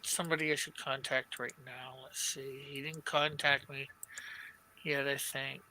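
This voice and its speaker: A man co-hosting a live stream, talking haltingly in casual chat over a video call. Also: medium pitch, flat delivery, bright, forceful tone, slight background noise, rough recording. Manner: halting, restarts often.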